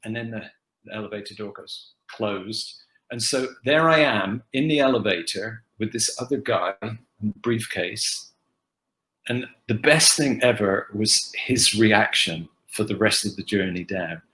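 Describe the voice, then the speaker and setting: An older man answers fan questions over a video call from his kitchen, spinning anecdotes with animated energy. His voice has a bright, forceful edge. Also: lowish voice, measured pace, low-quality recording. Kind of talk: casual virtual panel Q&A. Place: home kitchen.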